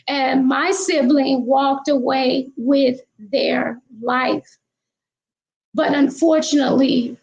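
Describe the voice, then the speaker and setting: A woman commentating on a true crime case in a casual, halting way, with many fillers. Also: high-pitched, a little mellow, low-quality recording.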